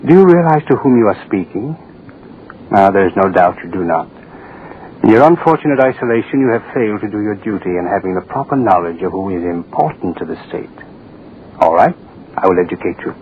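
A domineering, menacing official. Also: male voice, low voice, expressive, fairly quick. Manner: curt, domineering, contemptuous. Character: arrogant, menacing male state official. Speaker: propaganda official, His Excellency. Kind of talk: 1940s radio acting. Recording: dull old radio recording with faint hiss.

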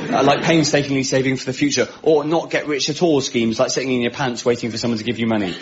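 A man performing a stand-up comedy monologue with a dry, wry delivery, pausing for laughs. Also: a little high, a bit bright. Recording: muffled live recording with background noise.

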